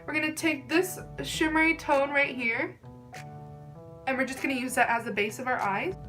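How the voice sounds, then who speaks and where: A young woman talks through her makeup routine in a chatty, gushing way. Her voice sits high and sounds bright and sharp. Soft music plays faintly behind her. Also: normal speed. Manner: chatty, gushing, filler-heavy "like". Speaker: beauty vlogger. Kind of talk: casual makeup tutorial.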